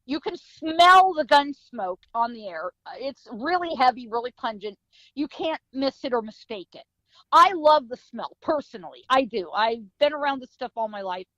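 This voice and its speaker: A woman's voice: sits high, lively intonation, moderate pace, pushed and bright, no echo, muffled recording. A woman guest, a psychic medium, telling a story vividly in an interview, acting out sounds and voices. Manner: vivid storytelling with sound effects and acted quotes.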